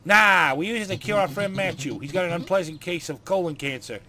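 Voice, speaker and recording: Brief: man putting on an earnest, pushy trend-chaser, British-New York blend, fairly high voice. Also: a little fast, crowd noise, close to an everyday voice. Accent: British mixed with New York. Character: eager trendy man chasing relevance. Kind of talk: game dialogue read aloud.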